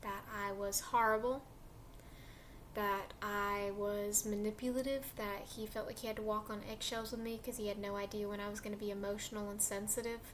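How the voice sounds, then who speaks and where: A woman's voice: medium pitch, level tone, moderate pace, a little hiss or hum. A young woman casually telling a personal story in a chatty, emotional way with lots of fillers.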